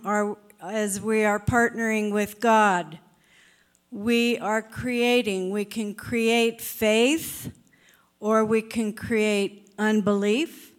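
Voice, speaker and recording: A woman preaching conversationally, deliberate and encouraging, asking the listeners questions. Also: medium pitch. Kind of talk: conversational sermon.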